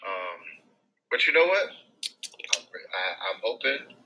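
A man hosting a sports podcast, speaking softly and hesitantly with many restarts. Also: low-pitched, very animated, slow pace, muffled recording, noisy background. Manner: hesitant, stammering, soft-spoken. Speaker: podcast host. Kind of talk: casual sports podcast chat.

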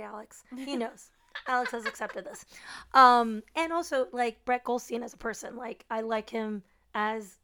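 A woman co-hosts a podcast in relaxed chat, playful and quick to jump in. Her voice sits somewhat higher than average. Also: clean tone. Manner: chatty and playful, with quick interjections. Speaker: podcast co-host. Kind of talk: casual chat.

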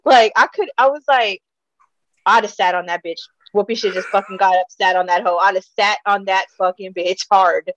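A woman's voice: medium pitch, moderate pace, muffled recording, slight background noise. A woman co-hosting a podcast, chatting casually about celebrity gossip with lots of swearing and laughter. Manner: profane, animated, laughs a lot. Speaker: podcast co-host.

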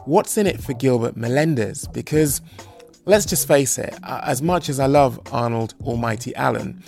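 A man hosting a casual chat, measured and thoughtful, with some hesitant restarts. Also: mid-range voice, creaky, a little mellow. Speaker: podcast host and interviewer. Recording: dull lo-fi sound with faint music.

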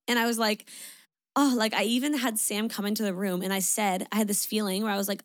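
A woman's voice: medium pitch, steady tone, fast, dry recording. A young woman hosting her own podcast in casual, chatty talk, swearing freely and filling with "like" and "um". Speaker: podcast host. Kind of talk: casual solo podcast chat.

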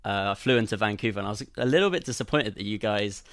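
A man's voice: on the low side, expressive, fast talker, dry recording, clean studio sound. A man with an English accent, a guest chatting casually and laughing easily. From England. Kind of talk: casual chat.

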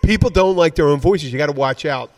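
Male podcast host, rambling and profane, slightly high voice. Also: brisk. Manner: rambling, swears casually. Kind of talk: casual podcast chat.

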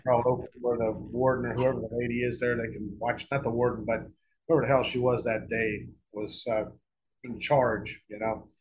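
A man's voice: mid-range voice, flat delivery, moderate pace, low-quality recording. A middle-aged man telling a long story in a casual interview, rambling and profane, with frequent restarts and repeated words. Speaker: guest author.

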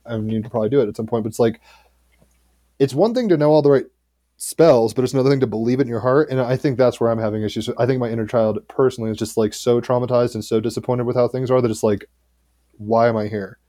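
A man's voice: medium pitch, fairly even intonation, fast talker, mellow, no echo, clean studio sound. A man hosting a casual conversation, rambling and candid, with loose phrasing.

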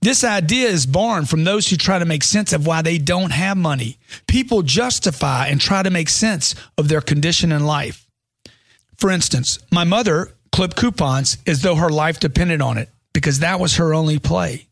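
A man's voice: fairly high pitch, lively intonation, normal speed, fairly bright tone, no echo, studio quality. Man reading a punchy motivational book.

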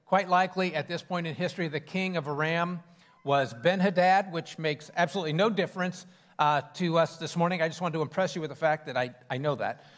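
A man's voice: on the high side, brisk, long reverb tail. A man preaching a sermon in a church, conversational with fillers and restarts. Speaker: pastor. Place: church sanctuary.

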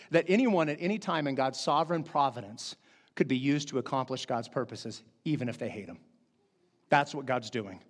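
A man's voice: fairly high pitch, in a large hall. A middle-aged man preaching a sermon as pastor, earnest and emphatic, repeating key phrases for stress.

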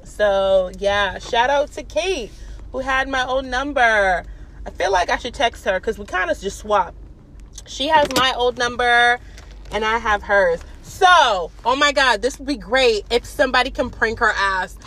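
A woman's voice: on the high side, expressive, unhurried, a bit bright. A young woman who is sick, chatting casually from her car while driving, with blunt, profane, rambling talk. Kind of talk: casual chat. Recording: road noise from a moving car.

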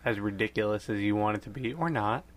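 A man co-hosting a podcast in casual chat, tossing in quick teasing quips. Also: lowish voice. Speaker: podcast co-host. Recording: noisy podcast recording.

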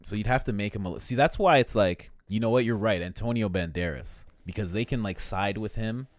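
A man co-hosting a casual podcast, excitedly retelling a story with swearing and acted-out voices. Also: fairly low pitch, brisk, no echo, clean studio sound. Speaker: podcast co-host. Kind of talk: casual chat, animated retelling.

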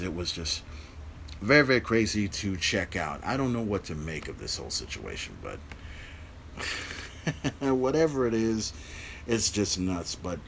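A man's voice: lowish voice, fairly bright tone, a little hiss or hum. A man hosting a podcast, recapping a wrestling show in a rambling, profane way, with many fillers. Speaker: podcast host.

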